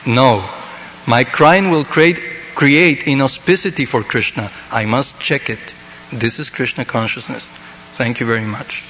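A man's voice: medium pitch, a little slow, fairly bright tone, a little hiss or hum. Emphatic man preaching in a reverberant hall. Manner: emphatic, repeats key lines. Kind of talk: fervent recorded sermon.

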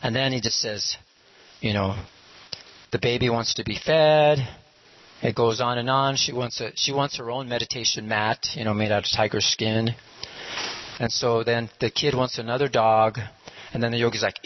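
A man's voice: medium pitch, fairly even intonation, moderate pace. A man casually retelling a parable, rambling with many fillers and acting out the characters' lines. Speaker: storyteller. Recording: muffled lo-fi recording.

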